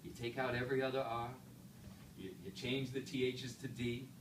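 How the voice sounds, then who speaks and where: A man's voice: medium pitch, flat delivery, moderate pace. A man giving a humorous storytelling speech to an audience, chatty and checking in with his listeners. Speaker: Toastmasters speaker. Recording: echoey room, far mic, background noise.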